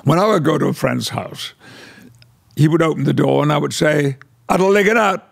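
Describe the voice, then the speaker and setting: Older man with gravelly, husky received pronunciation. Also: fairly high pitch, fairly even intonation. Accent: English received pronunciation. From England, West Yorkshire. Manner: measured storyteller who acts out voices. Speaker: guest. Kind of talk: conversational storytelling interview.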